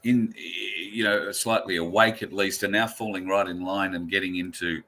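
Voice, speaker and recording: A male talk show host with a very low voice. His tone is bright and forceful, and he speaks in a measured way, pausing on fillers as he gathers his thoughts. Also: steady tone, a little hiss or hum.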